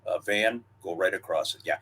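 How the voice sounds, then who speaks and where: Older male podcast co-host, casual reminiscing delivery, unhurried with fillers. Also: sits low, a bit bright, husky. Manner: storytelling, reminiscing, drawn-out pauses and fillers. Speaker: wrestling history podcast co-host. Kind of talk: casual historical chat.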